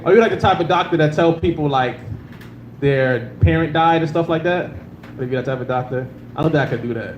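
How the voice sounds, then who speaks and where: Man, stand-up comic, slightly high voice, casual crude delivery, roomy club, faint noise. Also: fairly quick, highs cut off. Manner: casual, crude, laid-back, with frequent filler. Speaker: stand-up comedian. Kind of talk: stand-up comedy set. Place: club stage before a live audience.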